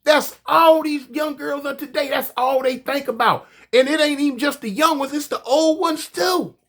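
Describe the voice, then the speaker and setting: Man, casual storytelling, animated, profane, stammers and repeats words. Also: extremely high pitch, moderate pace.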